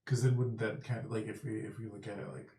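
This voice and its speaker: A man's voice: lowish voice, flat delivery, quick pace, dark tone, a little hiss or hum. A man playing a tabletop game, reasoning aloud thoughtfully. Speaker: player. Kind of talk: casual tabletop play. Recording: echoey room, mic at a distance.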